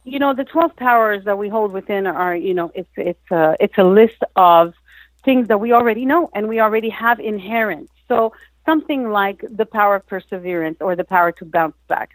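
Woman guest author, animated storyteller with restarts, dry close sound. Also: mid-range voice, moderate pace, no echo, poor audio. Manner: lively, acts out quotes, frequent restarts. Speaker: guest, author and mindset coach.

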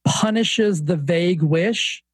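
High-voiced Southern man, animated storyteller. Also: slow, slightly rough, dry recording. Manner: animated storyteller, many restarts. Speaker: guest, fitness coach and author. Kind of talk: casual podcast interview.

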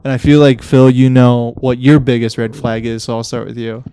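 A man's voice: mid-range voice, moderate pace, clean tone. Swearing young man retelling a story. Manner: animated storyteller, swears freely, acts out quotes. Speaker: podcast host. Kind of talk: casual chat.

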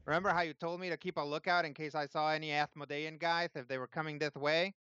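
Man doing a bright, high-pitched tiefling boy, excited, lo-fi. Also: fast, clean tone, no echo. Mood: eager. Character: eager young tiefling boy lookout. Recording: slightly muffled lo-fi sound.

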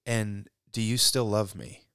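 A man talking about faith in a casual conversation, reflective and halting, often restarting his sentences. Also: fairly low pitch, steady tone, a bit bright, clean tone, no echo, clean studio sound.

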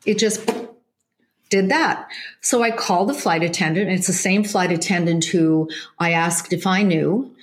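A woman, a psychic medium, telling an anecdote in an interview, lively, with many restarts and self-corrections. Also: lowish voice, a little slow. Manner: animated storytelling with many restarts.

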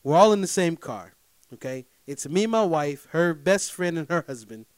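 In a casual storytelling monologue, a man with a slightly high voice relates a personal story straight to his audience at a moderate pace. He is animated and emphatic, checking in with listeners and alternating loud bursts with muttered asides. The sound is close and dry, with no echo.

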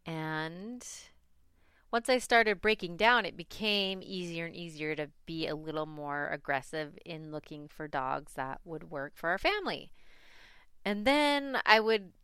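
Slow, clear-voiced woman telling a story. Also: lowish voice, no room sound, studio quality. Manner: chatty, laughs often, animated when recalling panic. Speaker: mother telling a family story. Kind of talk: casual personal storytelling.

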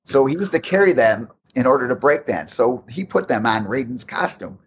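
With a faint hum behind him, a guest at an ordinary middle pitch and moderate pace tells casual interview stories about behind-the-scenes game development. He rambles loosely, restarting sentences through animated anecdotes.

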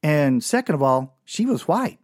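A man's voice: a little slow, dry recording, clean studio sound. A man telling a rambling, self-mocking comic story in a monologue. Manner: rambling, self-mocking, with animated swings in pitch. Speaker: comedian and storyteller.

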